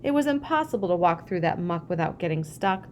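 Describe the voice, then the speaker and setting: A woman reading a childhood memoir aloud, lively when she acts out family dialogue. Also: fairly low pitch, a little fast, slight background noise. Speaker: reader.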